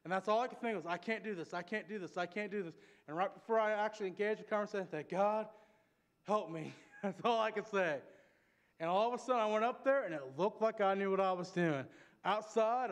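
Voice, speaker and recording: A man preaching a sermon in a church, telling a personal story in an animated, conversational way with asides to the congregation. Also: high-pitched. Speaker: pastor. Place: church sanctuary.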